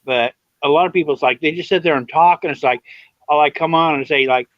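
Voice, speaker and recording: Man, casual stream chat, rambly and sweary, slightly high voice, muffled dry audio. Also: quick pace, no echo. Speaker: live stream guest.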